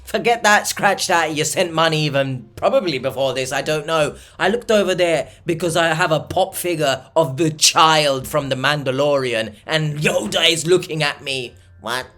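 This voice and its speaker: A man's voice: a little high, normal speed, hardly any pauses. A man hosting a reaction video, delivering sarcastic, exasperated commentary. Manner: mocking, exasperated, animated.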